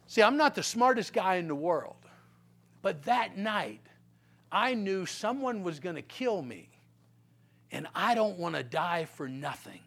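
Preaching his testimony as a guest speaker, a Pennsylvania man with a strikingly high, creaky voice recounts his life at a measured pace. He's folksy and direct, keeps asking the crowd "okay?", and moves from loud punchlines down to low, grave tones for the hard parts.

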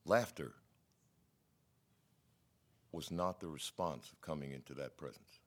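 A middle-aged man preaching a sermon, telling stories in a wry, skeptical, animated way. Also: very deep voice, a little slow.

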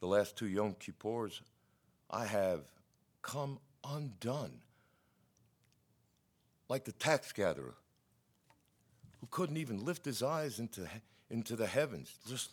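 A middle-aged man preaching a sermon, telling stories in a wry, skeptical, animated way. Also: lowish voice, slow, long pauses.

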